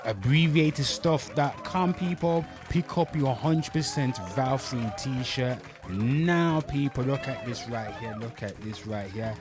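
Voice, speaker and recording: Young dude hosting, loud and crude, keeps yelling "people", plugging merch. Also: male voice, medium pitch, slow pace, few pauses, music in the background. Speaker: host. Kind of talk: brash comedic channel talk.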